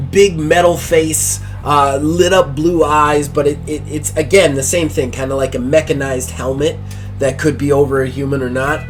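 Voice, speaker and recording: A man running a tabletop game as game master, narrating loosely with many fillers. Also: fairly high pitch.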